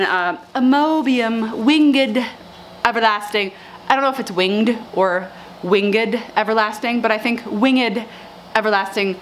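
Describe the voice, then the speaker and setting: Woman, flower-farm vlogger, chatty and self-deprecating, mid pitch, faint background hiss. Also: a bit bright. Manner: chatty and bubbly, laughs at herself. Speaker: flower farmer and channel host. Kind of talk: casual seed-starting vlog.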